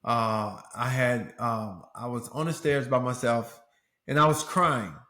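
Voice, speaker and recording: A man's voice: mid-range voice, a little slow, sharp tone. A middle-aged man and podcast host speaking candidly and earnestly, his voice rising into preacherly swells. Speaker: podcast host and former pro athlete. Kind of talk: candid interview talk. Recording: roomy echo.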